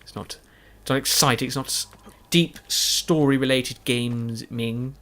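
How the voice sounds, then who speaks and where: A man with a medium-pitched, slightly bright voice talks a little slowly and with fairly even intonation. As a gaming YouTuber he records commentary over a video game after the fact, tired and yawning late at night, meandering and putting himself down amid restarts and fillers.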